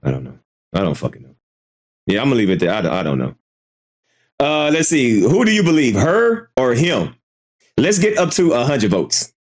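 A man's voice: mid-range voice, big pitch swings, normal speed, long pauses. A man hosting a casual live commentary stream, hesitant and repeating himself, swearing freely as he reacts. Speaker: commentary channel host.

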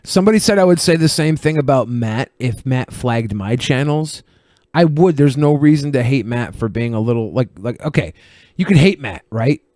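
A male podcast host talks in a blunt, profane way, with laughing asides. His pitch sits in the middle for a man. The studio mic sounds dry and close. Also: animated, moderate pace, darkish tone, no room sound. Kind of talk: casual panel chat.

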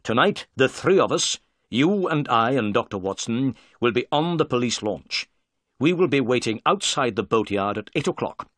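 A man voicing a confident, brisk detective who gives firm orders, read as a story. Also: mid-range voice, animated, a bit bright, no echo, studio quality.

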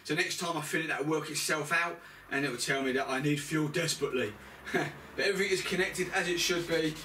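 Grumbling bloke, fairly high and bright voice, working and chatting, heard from across the garage. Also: male voice, brisk, slight background noise. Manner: chatty, grumbling, matter-of-fact. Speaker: motorbike mechanic vlogger. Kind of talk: casual working commentary. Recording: roomy sound from a distant camera mic.

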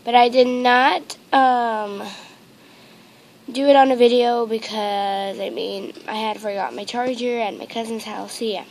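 Female toy vlogger, high-pitched and unhurried, gushing and full of ums, recorded on a handheld camera at home. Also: fairly even intonation, gravelly, a little mellow, a little hiss or hum. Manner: rambling and gushing, with many ums and repeated exclamations. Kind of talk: casual unboxing chat to camera. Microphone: handheld camera mic.

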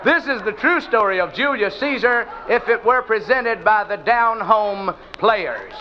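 A man's voice: high voice, lively intonation, measured pace. A man, telling a comic story in a drawling, folksy way and quoting characters in dialect. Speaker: comedian. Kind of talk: stand-up storytelling monologue. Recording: lo-fi noisy old live album.

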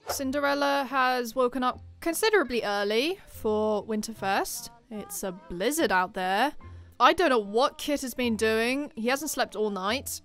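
A high-pitched woman commenting on a life-simulation game in an excitable, giggly, chatty way. She speaks unhurriedly, with faint game music playing behind her. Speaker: gaming channel host. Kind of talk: let's play commentary.

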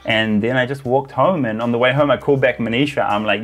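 A man's voice: medium pitch, quick pace, fairly bright tone, soft background music. Chatty New man telling a story. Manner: chatty, uses filler words. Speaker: travel vlogger. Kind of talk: casual storytelling to camera.

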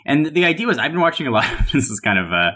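A man's voice: mid-range voice, very fast. A man guest on a tech podcast, talking casually and animatedly with many "like"s and restarts. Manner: animated, filler-heavy storytelling.

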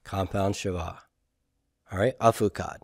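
A man teaching a classroom grammar lecture, patiently quizzing students and repeating forms slowly. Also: low-pitched, fairly even intonation, gravelly, dry recording, clean studio sound.

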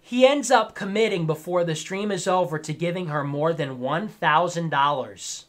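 Emphatic, high-voiced male streamer ranting. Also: normal speed, fairly bright tone. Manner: emphatic, lecturing, repeats his points. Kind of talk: ranting live-stream commentary.

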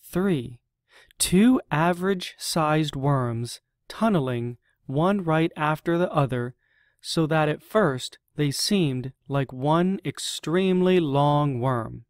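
Very slow, deliberate picture-book reader. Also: mid-range voice, lively intonation, no echo, clean studio sound. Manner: very slow, deliberate reading with long pauses. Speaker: storyteller. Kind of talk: children's picture book read-aloud.

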